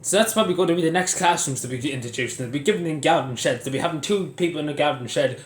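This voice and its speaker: A man's voice: fairly high pitch, fast talker, background noise. A young Irish man angrily ranting to his camera at home, swearing and laughing bitterly at what he reports. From Ireland. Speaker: vlogger. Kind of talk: angry ranting commentary to camera. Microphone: phone or camera set on its side. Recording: echoey room.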